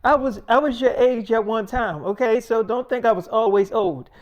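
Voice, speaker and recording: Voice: mid-range voice, normal speed, dull audio, natural voice. A storyteller voicing a strict, blunt middle-aged mother who scolds and lectures her teenage daughter. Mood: scolding.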